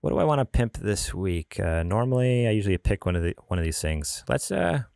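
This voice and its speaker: Guy hosting a gaming podcast, deep voice, rambly and laughy, dry sound. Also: very animated, brisk, gravelly, a little mellow, dry recording. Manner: chatty, rambling, laughs often. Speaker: podcast host. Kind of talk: casual podcast chat.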